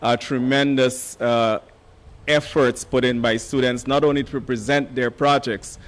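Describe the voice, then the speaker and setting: A man gives formal remarks at a ceremony, his voice hoarse. He speaks in a measured way with frequent "uh" fillers, and he stands a little back from the microphone in a conference hall. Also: mid-range voice, fairly even intonation. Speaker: education official giving remarks.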